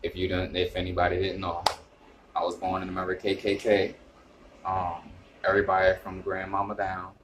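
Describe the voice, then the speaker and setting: A young man from the northern United States with a New York accent talks straight to camera in a relaxed vlog. His voice sits low, and he wanders through fillers and restarts. When he hits his explanation he climbs higher and gets louder. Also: a little fast, slight background noise. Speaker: vlogger. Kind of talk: casual talk to camera.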